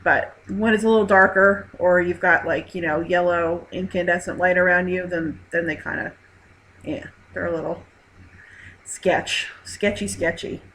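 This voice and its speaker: Casting note: woman host, bright clear voice, chatty and laughing, live stream chat. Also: lowish voice, fairly even intonation, normal speed, slight background noise, poor audio. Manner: chatty, laughs often, reads chat aloud.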